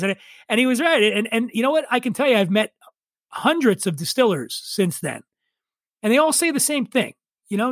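A man's voice: extremely high pitch, very animated, moderate pace, fairly bright tone, dry recording. A middle-aged man telling stories in casual chat, profane and opinionated. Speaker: podcast guest.

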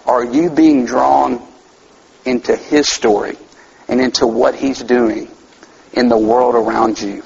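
A man's voice: mid-range voice, steady tone, a little slow, gravelly, darkish tone, slightly rough, dull audio. A man preaching a sermon as a campus minister, talking conversationally and asking his listeners rhetorical questions.

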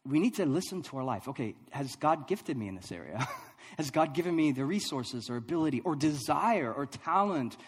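A man preaching a sermon, telling a funny personal story with lively, self-deprecating delivery and frequent laughs. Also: a little high, fairly quick, slightly rough, in a large hall. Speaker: pastor.

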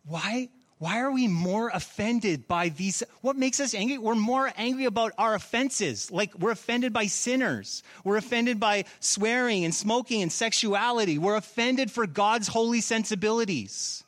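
Earnest high-voiced pastor preaching. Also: male voice, normal speed, hardly any pauses, fairly bright tone. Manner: earnest preaching with rhetorical questions. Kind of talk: sermon. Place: church.

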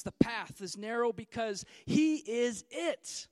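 A man in his thirties preaching a sermon, swinging between loud, fiery declarations and hushed, quiet stretches. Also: very high-pitched, lively intonation, slow pace, no echo. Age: 30s. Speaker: pastor.

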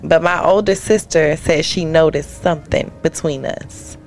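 A woman's voice: sits low, steady tone, a little slow, a little mellow, soft background music. A woman guest co-host on a comedy podcast, reading a listener's letter aloud and breaking into playful asides and laughter.

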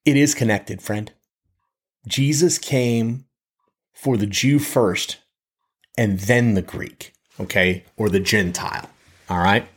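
Male Bible teacher, lower register, informal sermon delivery. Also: husky. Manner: conversational, frequent "okay?" check-ins and self-restarts. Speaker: preacher. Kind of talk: podcast teaching.

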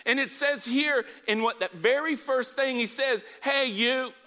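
A man delivers a sermon with an emphatic, urging manner, pressing the congregation for answers. His voice sits high and sounds very bright and sharp. It rings out with a long reverb from a large hall. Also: unhurried. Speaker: pastor.

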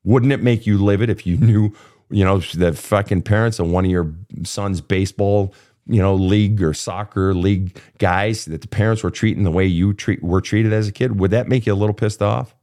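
Speaking at a normal speed with a warm, lowish voice, this man in his fifties is a therapist host. He coaches a guest through childhood pain in an emotional session, blunt, impassioned and full of profanity.

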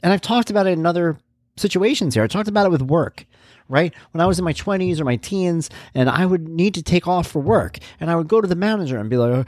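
A man's voice: on the high side, animated, quick pace, darkish tone, no room sound, clean studio sound. A man in his forties hosting a podcast, talking candidly and rambling through a personal monologue, now and then acting out voices. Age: 40s. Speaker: podcast host.

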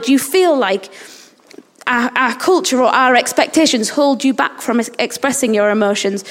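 Woman giving a sermon at a church service, high voice, long echo off the hall walls. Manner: earnest, questioning the listeners directly. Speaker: preacher.

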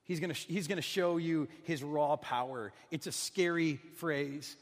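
Male preacher, fairly high voice, dramatic swings from hush to loud, stumbles and repeats words, long hall reverb. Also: normal speed. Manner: dramatic swings from soft near-whisper to loud pleading. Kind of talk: sermon.

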